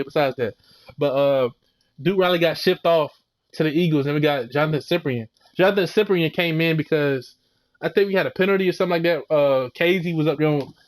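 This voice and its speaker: A young man giving a heated, rambling and profane recap of a football game. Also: a little high. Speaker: sports fan video creator.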